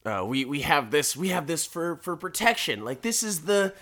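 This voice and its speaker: A man putting on the voice of a gruff, trigger-happy middle-aged husband who talks with macho swagger. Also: on the high side, big pitch swings, normal speed, pushed and bright, full character voice. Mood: dismissive.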